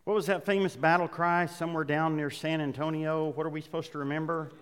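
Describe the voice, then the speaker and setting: A man's voice: on the high side, level tone, brisk, a bit bright. Male pastor preaching in a reverberant hall. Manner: conversational, with emphatic rising passages. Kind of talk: sermon.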